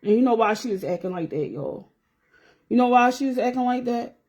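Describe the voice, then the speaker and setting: A woman's voice: on the high side, animated, fairly quick, a little mellow. A woman in her forties chatting candidly to viewers on a livestream while doing her nails. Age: 40s. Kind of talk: casual chat on a livestream.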